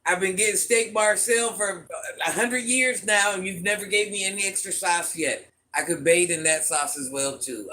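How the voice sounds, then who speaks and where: A livestream host with a mixed country accent casually reads chat and answers viewers' comments playfully. He speaks in a high voice with a bright, forceful tone.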